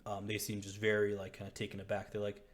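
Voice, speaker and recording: Game master, man, low voice, loose rambling narration. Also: completely flat delivery, quick pace. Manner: laid-back, rambling.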